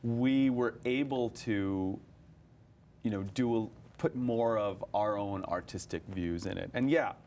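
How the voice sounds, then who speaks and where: Low-voiced chatty actor, laughing often. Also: male voice, unhurried, a little hiss or hum. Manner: animated, laughs often, many restarts. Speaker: actor, interview guest. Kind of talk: casual interview chat.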